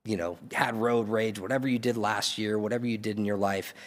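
A man's voice: lowish voice, steady tone, fairly quick. A man preaching a sermon as pastor, earnest and pleading, building to emphatic peaks. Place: church hall. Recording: long reverb of a church hall.

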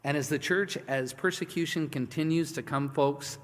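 A man preaching a sermon as pastor, swinging from hushed, quiet lines to loud, passionate ones. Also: a little high, normal speed. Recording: long reverb of a large hall.

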